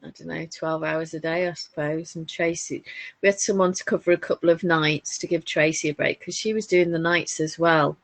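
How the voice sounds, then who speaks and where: A woman's voice: sits low, little pitch movement, normal speed, gravelly, no echo. A woman with a Northern English accent, co-hosting a casual crafting chat and telling family stories. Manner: chatty, warm anecdotes with frequent laughs. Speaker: podcast co-host.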